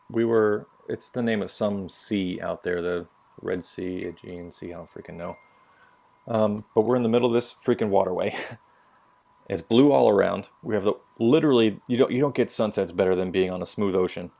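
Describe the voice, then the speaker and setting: Creaky and dark in tone, this man's lowish voice moves at normal speed. A veteran telling stories on a casual podcast, he's profane and blunt and performs other people's lines.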